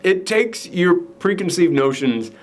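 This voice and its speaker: A man hosting a casual movie review chat, retelling the plot in an animated way with lots of "like" fillers. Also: sits high, measured pace. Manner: animated storytelling, frequent "like" fillers. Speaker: podcast host.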